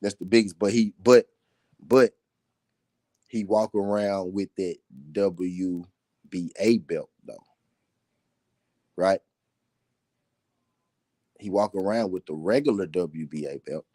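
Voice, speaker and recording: Man, deep voice, emphatic repetition, casual live talk, dry close sound. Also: takes it slowly, pauses often, warm tone, no echo. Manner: repetitive, emphatic, laughing between points. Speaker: boxing talk show host.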